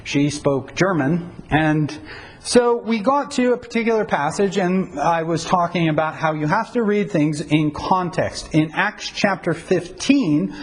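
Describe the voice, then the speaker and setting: A middle-aged pastor gives an informal, conversational teaching talk on Bible translation, often stopping to correct himself and leaning on anecdotes and wry humor. His voice is a little high and husky, and the audio quality is poor.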